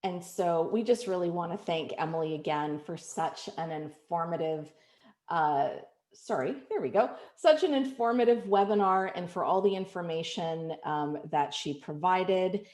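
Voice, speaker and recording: A woman's voice: lowish voice, moderate pace, a little mellow. A woman moderating an online webinar over a video call, upbeat as she thanks people and reads out announcements. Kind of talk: hosting a webinar. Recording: echoey room.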